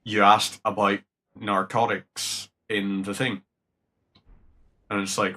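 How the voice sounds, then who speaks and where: A young Northern Irish man talks through his gameplay in a loose, rambling way. His voice is bright and forward, sits a little on the low side, and he swears casually as he goes. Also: flat delivery, measured pace, pauses often. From Northern Ireland. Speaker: game streamer.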